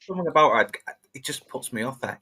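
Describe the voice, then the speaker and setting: A man's voice: medium pitch, lively intonation, fast talker, very noisy. A man giving blunt, opinionated takes in a casual review chat. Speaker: guest panelist.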